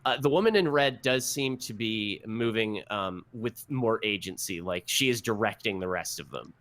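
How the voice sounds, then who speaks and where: A man's voice: fairly low pitch, expressive, moderate pace, fairly bright tone. A man narrating a tabletop game as game master, rambling with many fillers.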